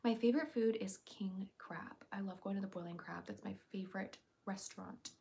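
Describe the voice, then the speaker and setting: A woman's voice: mid-range voice, moderate pace, creaky, warm tone, a little hiss or hum. A young woman hosting a casual livestream, chatty and upbeat, reading viewers' questions aloud and answering them. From United States.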